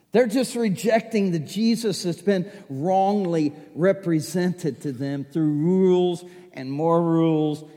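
A man's voice: fairly high pitch, dark tone. A man preaching a sermon, emphatic and repetitive, with chatty asides to the congregation. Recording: echoey hall.

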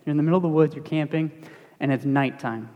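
A young man, a student pastor, giving a casual, conversational sermon in a church, animated and self-deprecating. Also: fairly high pitch, quick pace, highs cut off. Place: church sanctuary. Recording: long hall reverb.

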